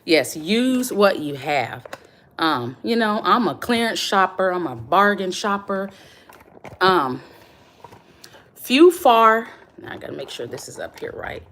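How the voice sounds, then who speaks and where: A woman hosting a home cooking video, chatting warmly with viewers and calling them y'all and baby. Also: mid-range voice, very animated, takes it slowly, a little hiss or hum. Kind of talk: casual cooking demonstration to viewers.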